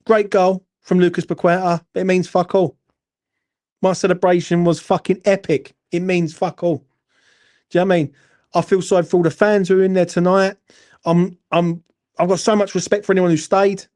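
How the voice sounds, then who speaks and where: A man's voice: sits high, little pitch movement, fairly quick, darkish tone. A man with an East London accent, host of a football fan channel, ranting angrily to camera after a match, blunt and full of swearing, tagging "right?" and "yeah?" onto his lines. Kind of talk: angry post-match rant to camera.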